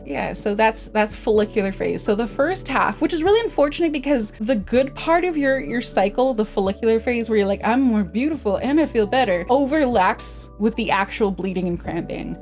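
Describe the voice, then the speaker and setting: A young adult woman streaming a casual educational talk, rambling with animated asides and frequent giggles. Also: fairly high pitch. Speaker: vtuber streamer.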